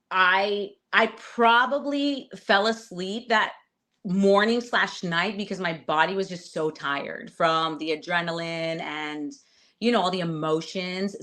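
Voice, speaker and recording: A woman guest on an interview, telling a story in a casual, animated way, acting out quotes and cursing. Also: lowish voice. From Latina. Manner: animated, swearing, acts out quotes loudly. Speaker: reality show contestant guest.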